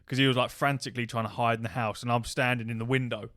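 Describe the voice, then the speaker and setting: A man tells rambling gaming stories on a casual podcast. He swears freely and acts out the shouting in his tales. His voice sits at a middle pitch and sounds dry and close to the mic. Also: little pitch movement, fast talker, no echo. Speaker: podcast co-host. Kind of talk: casual chat, storytelling.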